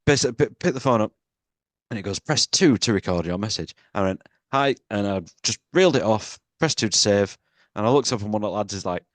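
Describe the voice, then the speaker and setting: A man's voice: fairly low pitch, expressive, quick pace, dry recording. A man hosting a casual movie podcast, joking and teasing his co-host in a rambling way.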